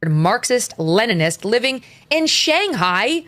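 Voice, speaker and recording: A woman's voice: fairly high pitch, very animated, takes it slowly, a bit bright. A woman on a political panel, talking heatedly and swearing when she gets angry.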